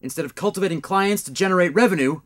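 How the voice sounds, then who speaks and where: A man's voice: high voice, fast talker, a bit bright. An actor playing a smug, newly evil male vampire who runs a detective office, giving pompous pep talks in a comic audio drama. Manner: pompous pep-talk delivery, mock-sincere.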